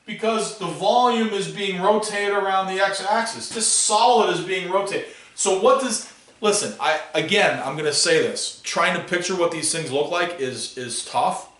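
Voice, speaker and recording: A man teaching a classroom math lesson, animated and playful, asking students questions as he works. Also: high-pitched, moderate pace. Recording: echoey classroom, voice from far off.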